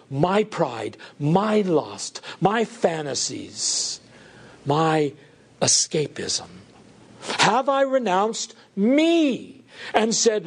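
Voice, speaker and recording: High-voiced man preaching slowly. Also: creaky, slightly rough. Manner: earnest, emphatic preaching with slow deliberate phrasing. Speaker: pastor. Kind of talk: sermon.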